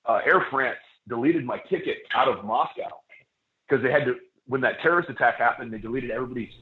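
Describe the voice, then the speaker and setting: A man on a casual podcast telling a laid-back story, wandering through fillers and restarts. His voice sits at a middle pitch. It sounds echoey and squeezed thin, as if coming over a phone line. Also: quick pace. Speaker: professional wrestler guest.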